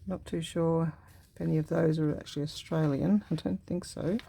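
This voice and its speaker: A woman vlogger chatting casually as she works on a craft project, thinking aloud in an unhurried way. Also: low-pitched, steady tone, gravelly, dark tone, husky. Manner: musing aloud while cutting and gluing, unhurried and chatty.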